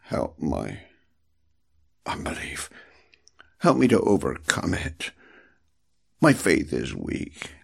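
A man's voice: very deep voice, wildly swooping pitch, a little slow, vocal fry, few pauses, a bit bright, slightly rough, voice pushed down, exaggerated voice. A man voicing a desperate middle-aged father who pleads and repeats himself. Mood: pleading.

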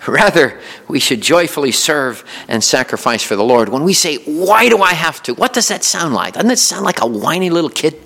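Lively preaching man, animated pitch. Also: moderate pace, gravelly. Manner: lively preaching with chuckles and repetitions. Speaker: pastor. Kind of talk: sermon. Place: church sanctuary.

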